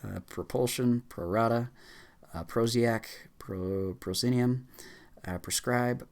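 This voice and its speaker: A man YouTuber reading a dictionary aloud as a speedrun, rattling off words quickly and stumbling and restarting now and then. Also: medium pitch, creaky, darkish tone. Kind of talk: rapid list reading for a speedrun challenge.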